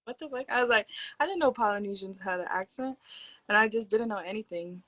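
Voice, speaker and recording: A woman's voice: mid-range voice, fairly quick, fairly bright tone, dry recording, rough recording. A young woman from Hawaii, a podcast guest, telling stories in a laid-back, slangy way with lots of "like" fillers and acted-out quotes. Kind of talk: casual storytelling chat.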